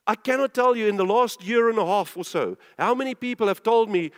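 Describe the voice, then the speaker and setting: In a sermon echoing through a big hall, a man whose voice sits high and clean speaks fairly quickly. Emphatic and heavy on rhetorical questions, he keeps urging the congregation to pay attention, repeating himself.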